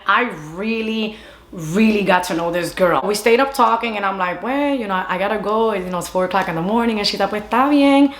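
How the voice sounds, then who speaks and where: A woman's voice: medium pitch, brisk. Chatty woman telling a story, echoey room. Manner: animated, chatty, switching between English and Spanish. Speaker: storyteller vlogger. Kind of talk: casual storytime monologue.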